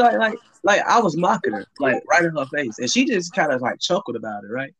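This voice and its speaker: A man's voice: on the high side, very animated, brisk, few pauses, a bit bright, slightly rough, rough recording. A young man telling a rambling, profane story in casual chat on a call, heavy with fillers.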